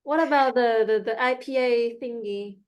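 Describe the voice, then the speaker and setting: Woman student, slightly high voice, repeats words, asks questions. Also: moderate pace, clear, resonant tone, dull audio. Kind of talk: practicing pronunciation in a lesson.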